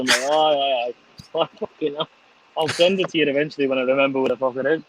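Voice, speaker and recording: A man's voice: mid-range voice, fairly even intonation, fast, a bit bright, slight background noise, low-quality recording. A middle-aged man hosting a casual chat, laughing and swearing freely. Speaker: host.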